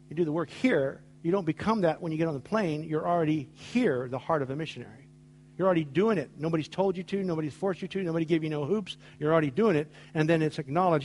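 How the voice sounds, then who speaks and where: A man's voice: on the high side, fast talker, darkish tone, a little hiss or hum. Emphatic male preacher. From United States. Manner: storytelling with acted-out dialogue, emphatic. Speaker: pastor. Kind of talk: sermon.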